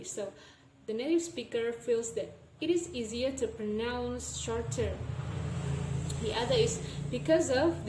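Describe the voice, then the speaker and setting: Slow-speaking young woman explaining phonetics. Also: on the high side, darkish tone, roomy sound, a little hiss or hum, poor audio. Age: young adult. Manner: repeats example words slowly, explaining step by step. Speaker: student presenter. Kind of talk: recorded class presentation.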